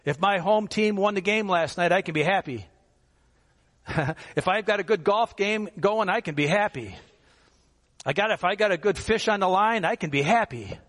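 A man's voice: sits high, animated, moderate pace, a bit bright, big-room sound. A male pastor preaching a sermon in a conversational way, asking his listeners rhetorical questions and chuckling now and then.

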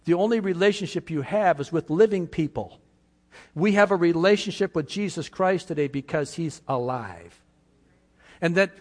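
A man's voice: fairly high pitch, big-room sound. A man preaching a sermon as pastor, speaking emphatically and quizzing his congregation with questions.

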